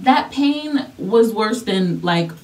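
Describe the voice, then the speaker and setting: A woman's voice: mid-range voice, animated, slow pace, darkish tone, far from the mic. A young woman vlogger telling a personal story in a casual, chatty way, repeating herself and using lots of fillers.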